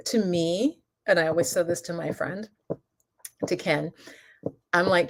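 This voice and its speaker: A woman's voice: mid-range voice, sing-song, normal speed. A middle-aged woman hosting a casual live stream, chatting with viewers, reading out their comments by name and laughing often. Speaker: yoga and mindfulness channel host. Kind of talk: casual livestream talk reading chat comments.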